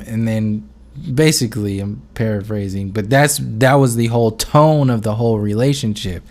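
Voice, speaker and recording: A man's voice: lowish voice, moderate pace, a little mellow. Rambling, swearing man vlogger. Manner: rambling, full of fillers and restarts, swears freely. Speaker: video blogger. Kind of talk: unscripted monologue.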